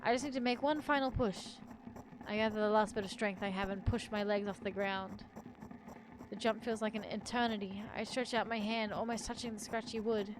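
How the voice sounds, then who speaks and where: A woman's voice: mid-range voice, level tone, fairly quick, background noise. A woman streamer reading a horror story aloud in the first person, with joking asides.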